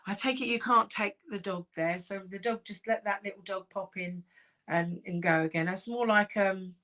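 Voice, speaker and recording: A woman working as a psychic medium, giving live-streamed readings in a soft, reassuring, chatty way with many pauses. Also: mid-range voice. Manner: soft, reassuring, calls sitters "my darling".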